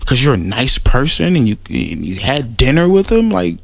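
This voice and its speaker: A man with a gravelly, fry-edged voice rants in a casual response video, blunt and heavy on profanity. He restarts and repeats words when he gets worked up, and his delivery sounds dismissive throughout. The recording is dry and close, with no room sound. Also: medium pitch, sing-song, normal speed, no room sound. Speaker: commentator making a response video. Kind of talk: casual spoken rant.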